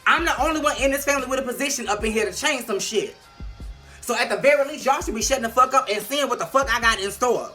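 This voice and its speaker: A woman's voice: a little high, quick pace, sharp tone, faint music behind. Sassy, profane woman reviewing TV. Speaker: TV show reviewer. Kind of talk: casual video review.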